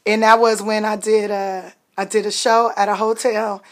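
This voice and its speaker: A woman's voice: medium pitch, moderate pace. A comedian, telling stories about her life in a chat. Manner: animated, acts out quoted voices loudly. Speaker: comedian guest. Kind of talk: storytelling interview chat.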